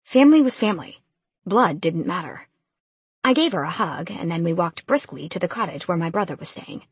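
A woman narrates a novel in first person with a very breathy, husky voice pitched low. Her delivery is brisk and casual. The recording is bone dry and close to the mic. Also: animated, no room sound. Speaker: audiobook narrator.

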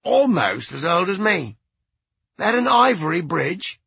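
A foul-mouthed, cranky old rocker, as a male narrator puts him on, barks out blunt remarks in a raspy, gravelly voice. His delivery swings widely in pitch. The storybook recording sounds a little dull and lo-fi. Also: very animated, unhurried, bright, forceful tone, dry recording, heavily acted. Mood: gruff. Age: older. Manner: profane, blunt, gruff.

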